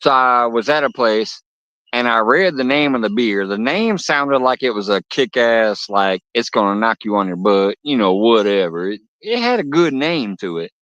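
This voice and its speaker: Outdoors at a lake, a man hosts a fishing livestream, chatting casually with viewers and telling stories full of swearing and laughter. His medium-pitched, fairly bright voice has lively intonation at normal speed, with no room sound and dull lo-fi audio.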